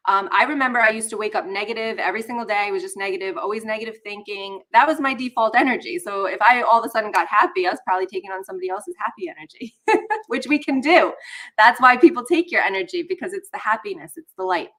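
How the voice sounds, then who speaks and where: Bright-sounding woman doing a chatty live stream, talks right to her viewers, a bit under the weather. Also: mid-range voice, animated, fast. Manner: chatty, talks straight to viewers, greets chat. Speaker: spiritual coach hosting a live session. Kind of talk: casual live-stream teaching.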